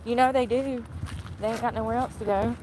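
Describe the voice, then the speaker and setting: A woman's voice: on the high side, fairly even intonation, normal speed. A woman, chatting and exclaiming with folksy slang as she walks outdoors filming on a phone. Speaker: field streamer. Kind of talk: casual walking commentary. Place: outdoors by a waterfront street. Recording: loud outdoor street noise.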